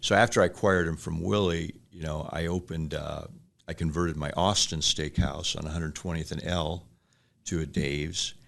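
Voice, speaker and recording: Middle-aged man, interview guest. Low, gravelly, rambling anecdotal delivery. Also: steady tone, moderate pace, fairly bright tone. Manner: rambling anecdotes with acted-out quotes and chuckles. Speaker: restaurant franchise owner, guest. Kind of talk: casual storytelling interview.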